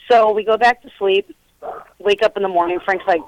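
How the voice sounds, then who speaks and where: A woman's voice: mid-range voice, moderate pace. Chatty middle-aged woman on a phone line. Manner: chatty, animated storyteller acting out quotes. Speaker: paranormal investigator guest. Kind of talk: casual storytelling interview.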